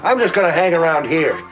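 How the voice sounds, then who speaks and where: A man's voice: a little high, animated, moderate pace, muffled recording, over music, lightly acted. An actor playing a cheerful man who laughs at his own pun, in a clip from an old TV show. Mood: joking.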